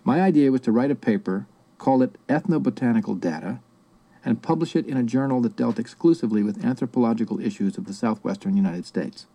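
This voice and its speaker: A man giving a measured, reflective first-person audiobook narration. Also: mid-range voice, warm tone.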